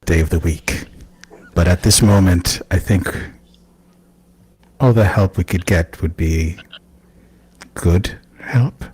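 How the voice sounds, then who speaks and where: A man at a tabletop game, speaking gruff and deadpan. His voice is very deep and very husky, and he talks slowly. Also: poor audio. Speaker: player.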